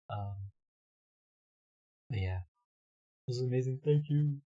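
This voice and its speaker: Hoarse young man chatting on stream. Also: mid-range voice, slow, long pauses, dark tone. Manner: chatty, reads chat aloud, laughs often. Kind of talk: casual live-stream chat.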